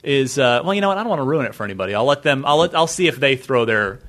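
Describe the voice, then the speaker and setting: A man hosting a casual chat show, talking in an animated, chatty way with loose restarts. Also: mid-range voice, rapid-fire. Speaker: podcast host.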